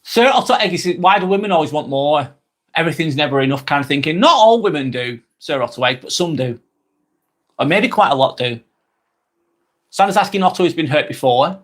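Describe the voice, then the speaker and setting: This broad, strong man in his thirties reads viewer comments on a live stream, talking casually, fairly quickly and expressively. Blunt and chatty, he swears freely and repeats phrases, and his slightly bright voice sits a little above most men's.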